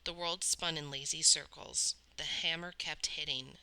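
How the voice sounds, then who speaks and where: Low-voiced woman reading a novel aloud. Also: steady tone, a little slow, pushed and bright, low-quality recording. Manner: dramatic storytelling. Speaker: audiobook reader. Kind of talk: read-aloud novel narration.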